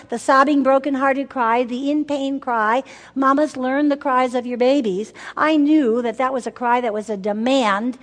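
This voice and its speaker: Older woman teaching mothers in a hall. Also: sits high. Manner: emphatic, repeats words for effect, asks the audience questions. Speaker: women's ministry speaker. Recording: long hall reverb.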